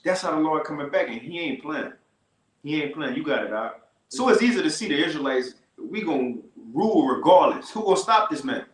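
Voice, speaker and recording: A man teaching scripture in a casual, slangy way, slowing down to read verses with emphasis. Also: a little high, animated, roomy sound, poor audio. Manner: slow, emphatic scripture reading.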